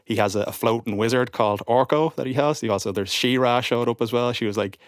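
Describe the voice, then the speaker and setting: A young man, a podcast guest, telling an animated anecdote in casual chat and acting out what others said. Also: mid-range voice, fast talker, no echo, clean studio sound. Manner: animated, acts out quotes of others.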